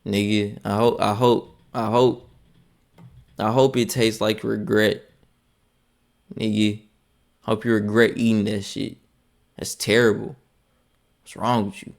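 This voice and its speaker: A man with a gravelly, raspy edge to his voice, talking casually as he reacts to a video on a live stream. He swears constantly and sounds incredulous, jumping from loud outbursts to muttered asides. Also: fairly low pitch, little pitch movement, takes it slowly, long pauses.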